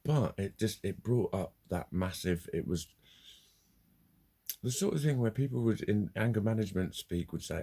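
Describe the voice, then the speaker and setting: Very deep, gravelly, sweary man. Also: normal speed, warm tone. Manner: sweary, heated storytelling with laughs. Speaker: vlogger. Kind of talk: casual ranting monologue.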